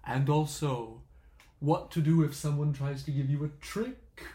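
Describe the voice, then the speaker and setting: A man's voice: on the high side, fairly even intonation, normal speed, warm tone, reverberant. A man co-hosting a comedic podcast, joking around playfully and theatrically. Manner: playful, theatrical, breaks into spooky voice bits. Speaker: podcast co-host.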